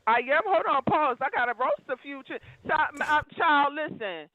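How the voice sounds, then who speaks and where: A woman's voice comes through a thin, phone-like line, high in pitch and dry with no room sound. She calls in to a live show and lectures listeners in an emphatic, preachy way. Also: animated, normal speed, dry recording. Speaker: call-in caller. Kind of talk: live call-in rant.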